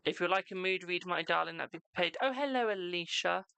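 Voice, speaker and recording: A British man hosting a casual live-stream tarot reading, reading viewers' questions aloud and answering them warmly, calling everyone "my darling". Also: high voice, creaky, clean tone, dry recording. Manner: affectionate, calls viewers "my darling"; chatty, reads questions aloud and answers quickly.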